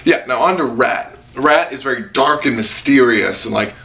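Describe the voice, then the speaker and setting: A young man chatting through an anime review from his room, loose and rambling with plenty of filler. His voice is bright and a little sharp, pitched in an ordinary middle register. He jumps into high squealed voices when quoting characters. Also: normal speed, gravelly. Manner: rambling, excitable, lots of "like" and squealed quoted voices. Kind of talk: casual spoken review. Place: room at home with a lamp.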